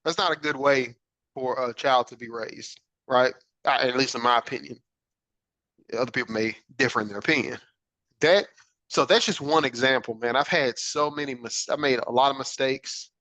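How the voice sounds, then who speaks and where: An adult father hosting a podcast earnestly reflects on a personal story, regularly checking in with "right?". His mid-range voice is bright and forceful at a moderate pace. The recording is rough but has no echo.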